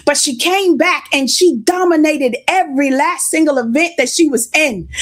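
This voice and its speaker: A woman preaching a sermon, slightly congested and sniffling, telling stories and greeting viewers by name. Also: high voice.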